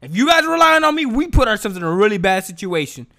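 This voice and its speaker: A man's voice: sits high, fast talker, vocal fry. A young man hosting a podcast, talking in a casual, joking monologue full of slang and swearing. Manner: animated, joking, slangy and profane. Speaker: podcast host.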